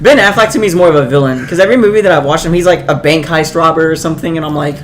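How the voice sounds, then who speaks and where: Excitable high-voiced young man, noisy recording. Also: racing. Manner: excitable, profane opinions. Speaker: podcast co-host. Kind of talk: casual chat.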